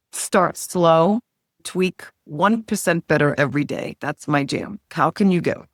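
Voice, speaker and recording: A middle-aged woman, a health coach, speaking as a podcast guest with enthusiastic talk that swings up and down in pitch and loudness. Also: dry recording, studio quality. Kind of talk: casual podcast interview.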